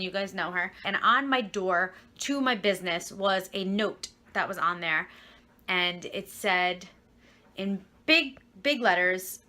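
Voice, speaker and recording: A woman's voice: mid-range voice, pushed and bright. A young woman vlogger telling a long rambling story in a chatty, casual way, recorded on her phone. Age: young adult. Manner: rambling, chatty, fed-up asides. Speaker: vlogger and reseller.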